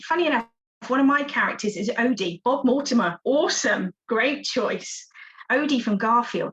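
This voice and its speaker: A woman's voice: on the high side, a bit bright, dull audio. A woman, a success coach giving an encouraging, interactive online workshop talk over a video call. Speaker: success coach, guest speaker.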